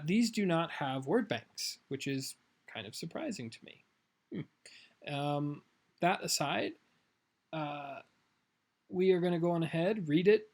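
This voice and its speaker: A man teaching a class, taking students through a worksheet and often checking in with a quick "right?". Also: a little high, darkish tone. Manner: talks to students, adds "right?" often and reads documents aloud. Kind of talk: classroom lesson, going over a worksheet.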